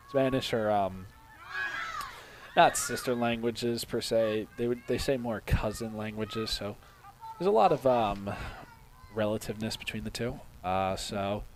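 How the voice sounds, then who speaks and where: Young man calling a lacrosse game. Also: medium pitch. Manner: steady play-by-play, then chatty and loose in asides. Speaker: play-by-play commentator. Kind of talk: live sports commentary and booth chat.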